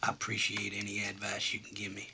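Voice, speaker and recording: An actor playing an awkward, fawning middle-aged suitor who talks nervously. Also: male voice, on the low side, monotone, quick pace, creaky. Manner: nervous, eager to please. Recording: film audio with background noise.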